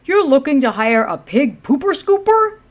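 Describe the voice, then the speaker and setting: A woman voicing a tall, muscular man who speaks loudly and bluntly. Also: high voice, big pitch swings, moderate pace, pitched above the performer's own voice.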